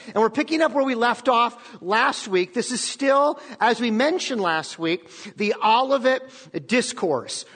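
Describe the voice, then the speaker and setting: A man's voice: sits high, fairly bright tone. A man preaching a sermon as pastor, talking conversationally and often checking in with the congregation. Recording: long reverb of a large hall.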